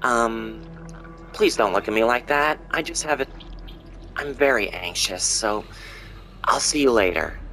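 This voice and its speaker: A man's voice: mid-range voice, a little slow, pauses often, faint music behind. Man doing a sickly, anxious woman. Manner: soft, anxious, hesitant. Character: sickly nervous woman with a cough.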